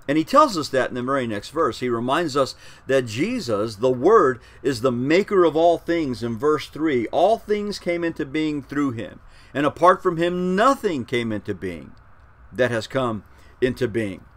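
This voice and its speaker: Man preaching, sermon, measured, emphatic, repeats words, mid pitch. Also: a bit bright. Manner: measured, emphatic, with frequent repetitions and restarts.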